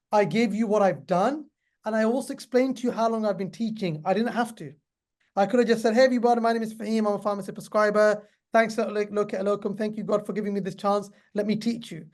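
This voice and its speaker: His voice sits at an extremely high pitch and is a little mellow. He's a middle-aged man teaching pharmacists in an online webinar, chatty, repetitive and speaking right to his class.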